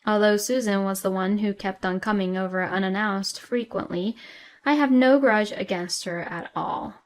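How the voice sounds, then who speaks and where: A woman's voice: medium pitch, moderate pace. A woman narrating a personal story plainly, in a matter-of-fact way.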